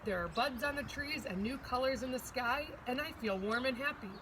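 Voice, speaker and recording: A woman's voice: high-pitched, a little fast, noisy background, lightly acted. A woman doing a chirpy cheerful little bird. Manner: chirpy, bright.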